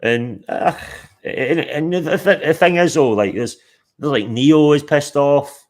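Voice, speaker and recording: A man's voice: a little high, measured pace. A man hosting a livestream, chatting casually in a rambling, sweary way. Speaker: livestream host. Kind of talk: casual chat.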